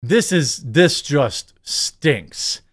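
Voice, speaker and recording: A man's voice: fairly high pitch, expressive, extremely slow, fairly bright tone, husky. A man hosting his own channel, giving sarcastic, rambling political commentary. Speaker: host.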